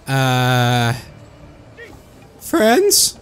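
A man giving jokey let's-play commentary, excitable and breaking into sudden high yelps. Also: measured pace, soft background music. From Australia. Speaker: gaming YouTuber.

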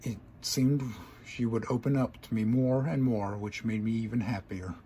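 Brief: male story reader, mid pitch, earnest dramatic first-person narration, faint ambient noise. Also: fairly even intonation, normal speed, mellow.

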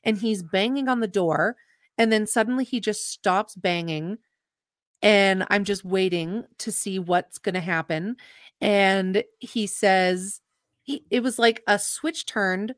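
A woman's voice: mid-range voice, takes it slowly, no room sound, studio quality. A young adult woman, a podcast guest, earnestly and emotionally retelling a personal story with quoted dialogue.

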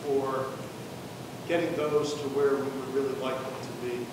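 Male moderator, measured and formal, mid-pitched; reverberant hall pickup with rumble. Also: level tone. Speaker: seminar moderator asking questions. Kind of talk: audience Q&A question.

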